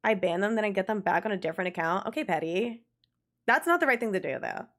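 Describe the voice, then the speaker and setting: A young adult woman streaming a game and chatting casually with her viewers, animated and quick to laugh, swearing freely. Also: medium pitch. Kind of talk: casual live-stream chat.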